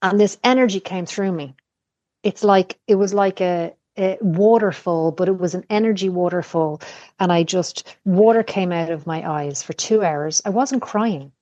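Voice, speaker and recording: A woman's voice: on the low side, moderate pace, mellow, no echo. A middle-aged woman, a podcast guest, talking candidly in casual conversation, telling personal stories and swearing freely. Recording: dull lo-fi podcast audio.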